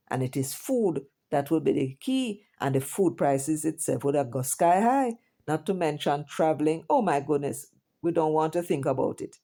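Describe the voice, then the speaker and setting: A woman's voice: deep voice, dark tone. A woman with a Jamaican accent who hosts a news commentary show, reading headlines aloud and breaking off into chatty asides and rhetorical questions.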